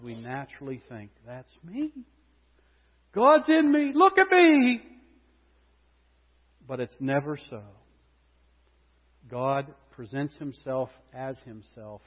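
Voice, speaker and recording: A man preaching a sermon, moving between loud proclamation and hushed intensity. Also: medium pitch, breathy edge. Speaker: pastor. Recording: muffled sound with long hall reverb.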